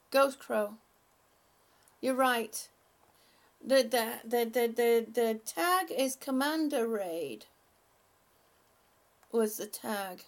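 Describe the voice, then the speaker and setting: Slow, gravelly-voiced woman streamer. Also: on the high side. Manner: halting, many restarts, affectionate to chat. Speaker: livestream host. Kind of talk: casual livestream chat with viewers.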